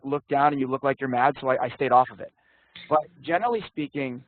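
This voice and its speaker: Over tinny, dry video call audio, a man with a slightly high voice teaches an online interview prep class. He talks casually and bluntly, swears now and then, and calls on students by name.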